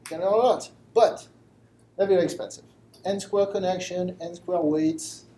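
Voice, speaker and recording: A man's voice: high voice, normal speed, dark tone, a little hiss or hum, poor audio. A man with a French accent giving a live lecture to a study group, self-deprecating and explaining with simple examples. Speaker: guest lecturer. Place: room with a live audience.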